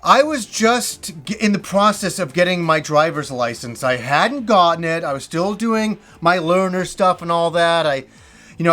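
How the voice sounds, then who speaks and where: A man hosting a gaming show, telling a personal story in a casual, animated way, swearing often and acting out other people's lines. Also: high voice. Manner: animated, profane, acts out quoted voices.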